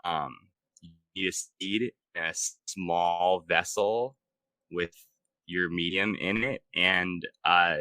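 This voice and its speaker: A man co-hosting a casual podcast chat, talking in a relaxed, laid-back way with many fillers. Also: deep voice, takes it slowly, dry recording, low-quality recording. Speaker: podcast co-host.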